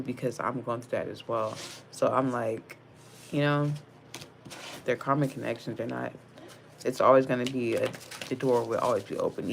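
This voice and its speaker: A woman's voice: very deep voice, vocal fry, slight background noise. A young woman giving a casual tarot reading, blunt and slangy with lots of profanity, calling the viewer sis. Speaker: tarot card reader.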